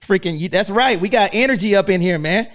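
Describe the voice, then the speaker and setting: A high-voiced American man hosting a live online room with nonstop hype. He pushes every line loud and fast and tags "man" onto almost all of them. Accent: American English. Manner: hyped, loud, keeps saying "man". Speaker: host.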